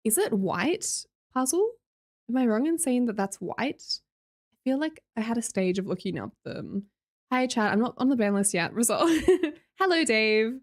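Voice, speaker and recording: A woman with an Australian accent chats casually to her live-stream viewers, reading their messages aloud. Her voice sits a touch high and swings widely in pitch. She laughs often and trails off into restarts. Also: very animated, moderate pace.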